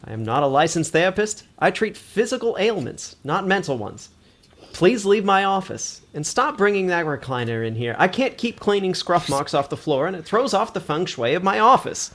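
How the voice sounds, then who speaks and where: A man putting on a fussy, pedantic space doctor with an Australian accent, worn out by his patients. His voice is somewhat high and rises and falls with animation. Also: sing-song, moderate pace, fairly bright tone, full character voice. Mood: exasperated. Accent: put-on Australian. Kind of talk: tabletop actual-play role-play.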